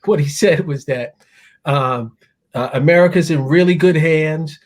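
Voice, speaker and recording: An animated man with a fairly high voice, talking through a casual political panel. He laughs often and speaks in a lively way as a co-host. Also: unhurried.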